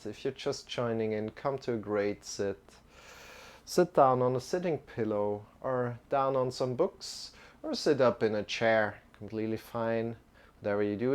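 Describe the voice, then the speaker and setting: A male yoga teacher talks students through a live-streamed class. He speaks slowly and calmly, pausing and restarting his sentences as he goes. His voice sits at a mid pitch. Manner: calm, halting, with many restarts.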